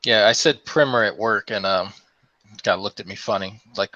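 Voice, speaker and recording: A man's voice: lowish voice, moderate pace, sharp tone, dry recording, dull audio. A man in a casual podcast chat, talking in a laid-back, blunt way and swearing freely. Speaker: podcast guest.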